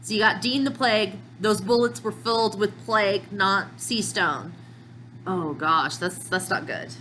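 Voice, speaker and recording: A woman hosting a manga reaction video, reading panels aloud and thinking out loud between them. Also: medium pitch, a little slow, a little hiss or hum, poor audio. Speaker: manga reaction channel host.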